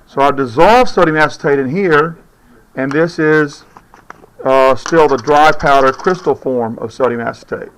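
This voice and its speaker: A man's voice: fairly high pitch, normal speed, a bit bright, clean tone, rough recording. A man teaching a chemistry demonstration in a classroom, firm and shushing his chattering students. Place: school classroom.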